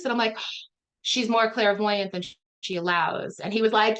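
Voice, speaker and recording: A woman's voice: mid-range voice, moderate pace. A woman healer chatting loosely about a healing session, rambling with lots of "like" fillers. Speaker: spiritual healer guest. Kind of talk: casual chat explaining a healing session.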